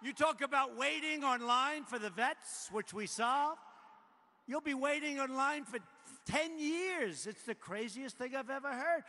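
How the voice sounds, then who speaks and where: An American man in his 70s, a president, shouts through a rally speech in a large arena. His voice is extremely high yet his pace stays measured, and he is boastful and repetitive, breaking into shouts now and then. The recording carries a long hall reverb and faint noise.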